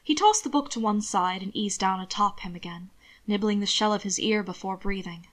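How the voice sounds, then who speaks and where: Woman reading a story aloud softly. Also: mid-range voice, brisk. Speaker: narrator. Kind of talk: reading fan fiction aloud.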